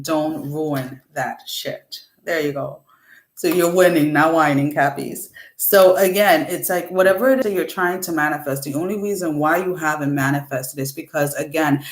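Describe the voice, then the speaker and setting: A woman with a low voice gives a casual tarot reading to her viewers, chatty and rambling, correcting herself as she goes. The recording has an echoey room sound.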